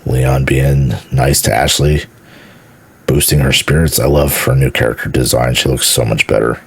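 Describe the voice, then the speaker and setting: A man's voice: a bass voice, fairly even intonation, moderate pace, breathy edge, dry recording. A man from Houston, Texas, a gaming streamer, gives a casual, enthusiastic reaction to a game trailer, rambling, repeating words and swearing casually.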